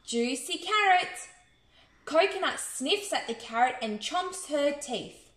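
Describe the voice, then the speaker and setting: An Australian woman reading a bedtime story to children in an expressive, sing-song way. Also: sits high, unhurried. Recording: echoey room.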